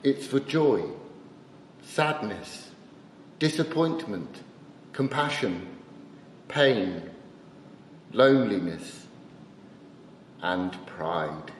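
A man's voice: on the low side, expressive, extremely slow, pauses often, a little hiss or hum. A man playing the Lord as a fond, patient creator in a dramatised church reading, speaking earnestly and tenderly. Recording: echoey church heard from far off.

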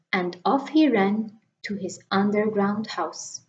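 Woman reading a children's story aloud. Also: mid-range voice. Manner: expressive, unhurried storytelling. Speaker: storybook reader. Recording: echoey dull lo-fi room.

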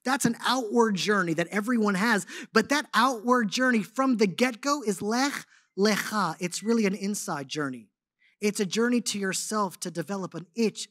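A man speaking to a congregation, telling a personal story and teaching, swinging between loud animated stretches and hushed ones. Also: high-pitched, no room sound, clean studio sound. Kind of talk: testimony and sermon.

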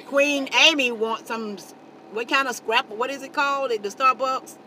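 Bright-voiced chatty woman vlogging in a car. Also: sits high, normal speed, slight background noise. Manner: chatty, tags lines with "okay" and "y'all". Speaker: family channel host. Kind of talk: casual vlog to camera. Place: inside a car.

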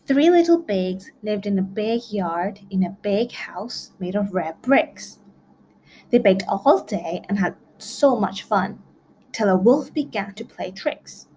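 A woman's voice: medium pitch, expressive, takes it slowly, dark tone, a little hiss or hum. Woman reading a rhyming storybook aloud. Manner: clear, rhythmic rhyming read-aloud. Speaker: storybook reader. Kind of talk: children's read-along narration.

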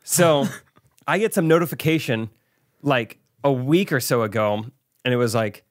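A man in his thirties co-hosting a podcast, chatting casually with playful, deadpan teasing. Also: medium pitch, normal speed, no room sound, clean studio sound. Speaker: podcast co-host. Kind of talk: casual chat.

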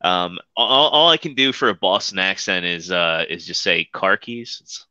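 A man hosting a podcast, chatting casually and rambling with plenty of fillers. His voice is bright and forward, sitting a little low. The audio is dry and dull, like lo-fi call audio. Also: expressive, normal speed, clean tone, no room sound. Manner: loose, rambling, many fillers. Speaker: podcast host. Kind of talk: casual chat.

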